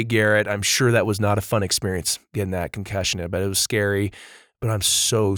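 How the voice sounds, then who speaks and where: A man hosting a children's story podcast, chatting casually and warmly to young listeners, upbeat and friendly, calling them dude and bud. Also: on the low side, no echo, clean studio sound. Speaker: podcast host.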